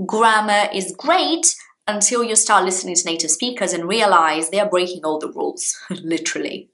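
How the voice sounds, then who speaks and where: A woman with a Brazilian Portuguese accent, a native Portuguese speaker, teaching an English lesson in a casual, animated way and acting out example sentences. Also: mid-range voice.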